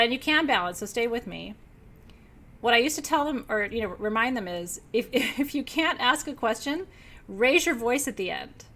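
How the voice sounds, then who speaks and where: Lively, chatty woman teaching a class. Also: a little high. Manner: energetic and outgoing, laughs often, checks in with listeners. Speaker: spiritual teacher leading an online class. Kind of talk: teaching a live class to students.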